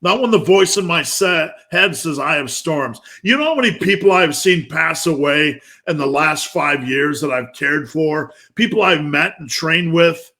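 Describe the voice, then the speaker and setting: A man in his fifties delivering a profane, fired-up motivational talk. His voice sits a little higher than most men's, and he speaks bluntly, with hard-hitting swearing throughout. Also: moderate pace, few pauses, pushed and bright. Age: 50s. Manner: intense, blunt, heavy swearing.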